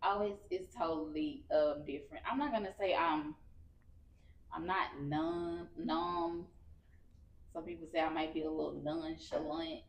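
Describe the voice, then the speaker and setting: A woman's voice: low-pitched, unhurried. A woman in her thirties, a guest speaking candidly and colloquially in an interview. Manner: candid, animated storyteller with colloquial speech. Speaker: guest, cancer survivor. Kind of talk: casual interview conversation.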